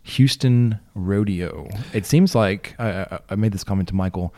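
A man's voice: fairly low pitch, moderate pace, warm tone. A man hosting a casual podcast chat, joking and rambling, his voice a bit worn from losing it. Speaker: podcast host.

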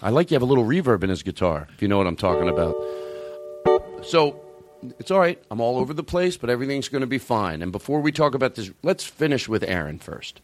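A man hosting a comedy talk show, rambling and excitable with plenty of swearing. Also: mid-range voice, fast, faint music behind. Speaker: host.

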